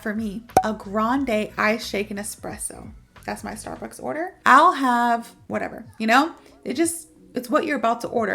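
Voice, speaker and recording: A woman's voice: fairly high pitch, a bit bright. A young American woman teaching English phrases in a chatty, playful way, repeating her example sentences for the viewer. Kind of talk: online English lesson.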